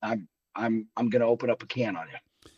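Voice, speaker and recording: Hoarse man on a muffled line. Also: lowish voice, a little fast, darkish tone, no echo, recorded from a distance. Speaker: guest. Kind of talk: casual talk show chat.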